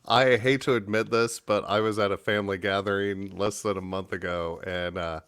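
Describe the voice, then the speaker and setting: A man's voice: fairly low pitch, normal speed, smooth. A man co-hosting a podcast, telling a rambling story in casual chat and swearing freely. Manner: animated storyteller, swears, shouts mock-outraged quotes. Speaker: podcast co-host.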